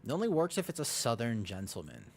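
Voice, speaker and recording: Casual live-stream talk from a gamer: he rambles, jokes at his own expense, laughs and keeps restarting. His mid-range voice moves quickly with big swings in pitch and some vocal fry.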